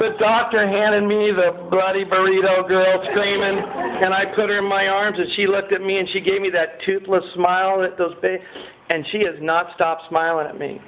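A man's voice: high voice, flat delivery, moderate pace. A middle-aged man giving a rambling personal testimony to a group, full of fillers and acted-out quotes. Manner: rambling, many fillers, acts out quotes in a raised voice. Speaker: speaker sharing his recovery story. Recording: tinny phone-like sound with faint noise.

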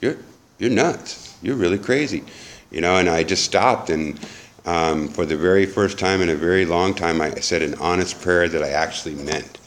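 A man's voice: low-pitched, fairly even intonation, moderate pace, a bit bright, slight background noise. A middle-aged man telling his recovery story in a candid, profane, rambling way, full of restarts. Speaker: recovery speaker. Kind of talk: personal testimony storytelling.

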